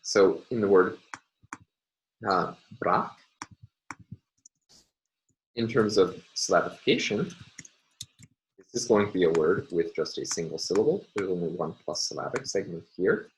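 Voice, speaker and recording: A man giving a recorded university phonology lecture, explaining step by step with frequent "uh" and "um" pauses. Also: low-pitched, slight background noise, rough recording.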